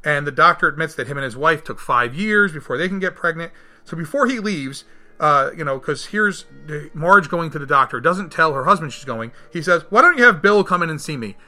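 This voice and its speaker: A man recapping a movie in casual chat, animated and acting out the characters' lines. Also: a little fast, soft background music. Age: adult, married. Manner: animated, acts out quotes with big jumps in pitch. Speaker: podcast co-host reviewing a film.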